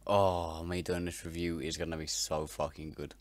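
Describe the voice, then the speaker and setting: A man's voice: a bass voice, little pitch movement, moderate pace, no room sound. A man hosting a reaction video, making crude, mocking jokes and stumbling over his words. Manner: mocking, stammering, bursts into loud laughter. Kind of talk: profane comedic reaction commentary.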